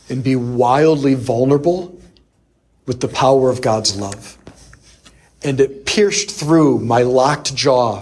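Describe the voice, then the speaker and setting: A man preaching a sermon, telling a personal story with lively acted-out quotes. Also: medium pitch, husky. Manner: animated storyteller who acts out quoted voices. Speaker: priest.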